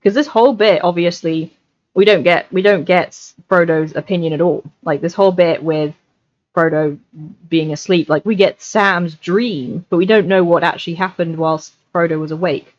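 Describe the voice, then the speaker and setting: A woman's voice: lowish voice, moderate pace, no echo. A woman reading a novel aloud on a livestream, chatty and scattered, with asides, over a desk mic. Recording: lo-fi livestream audio.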